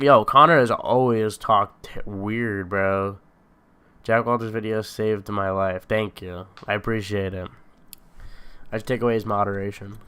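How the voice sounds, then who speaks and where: A young man with a lowish, bright, crisp voice chatters through a casual live stream. He rambles loosely, full of slang and swearing, drifting between topics as he clicks around.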